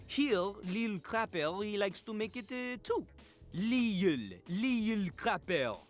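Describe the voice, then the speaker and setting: A man's voice: sits high, unhurried, faint music behind. An actor playing a pompous male talking toilet, lecturing on rap and breaking into sung rhymes. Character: pompous French male toilet rapping teacher. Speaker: game character.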